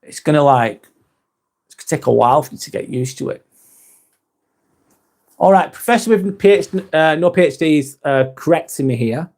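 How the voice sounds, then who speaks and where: A man's voice: on the high side, lively intonation, moderate pace, long pauses, darkish tone. A man from northwest England, hosting a live stream in a casual chat style, reading viewer comments aloud and replying in a friendly way.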